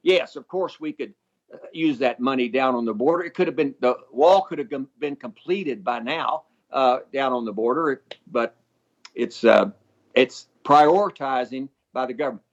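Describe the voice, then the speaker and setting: An older man from Texas, a former congressman, speaking deliberately and folksily with dry humor as a guest on a talk show. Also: mid-range voice. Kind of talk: phone-in interview. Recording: dull lo-fi line.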